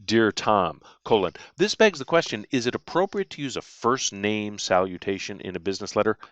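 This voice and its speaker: A man's voice: on the low side, lively intonation, a little fast, a bit bright, dry recording. A man teaching punctuation in a recorded lecture, reading out example sentences along with their punctuation marks and stressing the rules. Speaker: writing instructor.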